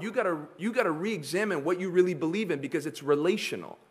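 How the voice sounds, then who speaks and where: A man delivers a sermon in a high, ringing voice. He speaks emphatically and builds through repetition. He leaves long dramatic pauses between the lines. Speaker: preacher.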